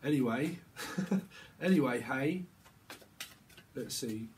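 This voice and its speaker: A man's voice: mid-range voice, expressive, moderate pace, darkish tone, a little hiss or hum. A man giving a rambling tarot reading to camera, playing with words and breaking into chuckles and silly voices. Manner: playful, free-associating wordplay. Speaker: tarot reader.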